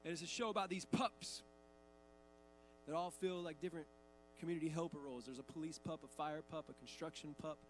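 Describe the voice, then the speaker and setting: High-voiced man preaching casually. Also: a little fast, faint music behind. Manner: conversational and emphatic, with casual asides. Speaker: pastor. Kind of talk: sermon. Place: church sanctuary.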